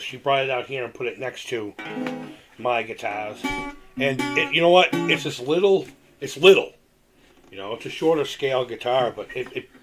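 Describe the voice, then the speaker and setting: A middle-aged man hosting a casual live stream, talking in a loose, rambling way with restarts and small chuckles. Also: mid-range voice.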